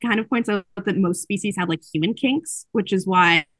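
A woman hosting a casual podcast chat, recapping a book in animated storytelling and acting out the characters' lines. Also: medium pitch, moderate pace, no room sound.

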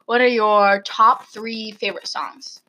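A woman's voice: a little high, fairly even intonation, measured pace, sharp tone, a little hiss or hum, rough recording. A teenage girl chatting with a friend, dramatic and exclamatory, going off on tangents. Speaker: friend asking questions. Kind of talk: casual chat.

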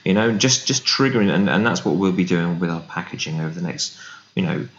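Deep-voiced man telling lively stories. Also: fairly quick, slight background noise. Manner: animated storyteller, acts out quoted voices. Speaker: business founder, guest. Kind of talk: casual interview chat. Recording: roomy, dull remote recording.

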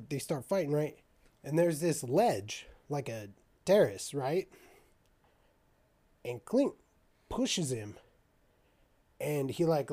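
Profane young man telling a story. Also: fairly high pitch. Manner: profane, animated storytelling with quoted dialogue. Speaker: storyteller in a casual podcast chat. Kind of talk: casual chat.

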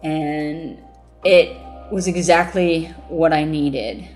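A woman, the founder of a mobile book bus, telling her story in an interview, animated and laughing as she acts out what people said. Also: low voice, slow pace, soft background music.

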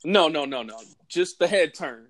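A man telling a wild story in casual chat, animated and laughing often, with crude slang. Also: fairly high pitch, moderate pace.

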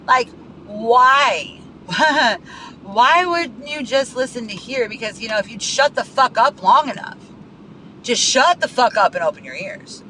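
A man with a high, sharp voice rants in a profane, heated monologue, circling back over the same words. He records from his car, and faint traffic noise hums underneath. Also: expressive, measured pace, poor audio. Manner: profane, heated, repeats himself. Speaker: podcast host. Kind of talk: venting monologue.

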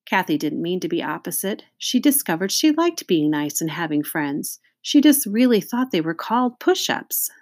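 A woman reads a children's chapter book aloud in a steady, clear storytelling voice. Her pitch sits on the low side, and the sound is close and dry with no room around it. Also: normal speed, hardly any pauses, dry recording. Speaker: reader.

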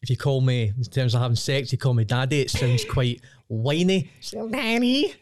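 A man's voice: mid-range voice, steady tone, brisk, darkish tone, no room sound. A young adult man with a Scottish accent, a podcast guest speaking bluntly with dry, sweary humor. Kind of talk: casual chat.

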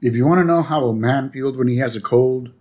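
A man's voice: mid-range voice, a little fast. A man co-hosting a podcast, chatting casually and jokingly as he retells a cartoon episode. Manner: relaxed, joking, retells scenes. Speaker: podcast co-host, teacher.

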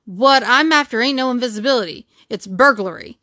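A man's voice: very high-pitched, brisk, sharp tone, no room sound, clean studio sound. A woman reading the part of a dogged village policeman, plain-spoken and insistent, in an audiobook. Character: dogged country policeman with a warrant.

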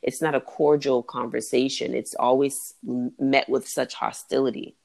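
A man's voice: mid-range voice, little pitch movement, vocal fry, darkish tone. Emphatic, blunt man in casual chat. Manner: emphatic, swears freely, quick to agree. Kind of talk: casual conversation.

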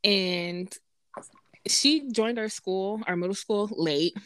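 A woman's voice: medium pitch, takes it slowly, a bit bright, clean tone. A young woman co-hosting a casual podcast chat, playful and blunt, laughing often. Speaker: podcast co-host.

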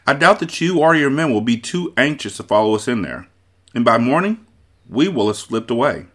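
A man's voice: medium pitch, sing-song, normal speed, fairly bright tone, voice pushed up. A man voicing a proud, defiant young male hero in a storybook reading, stern and challenging.

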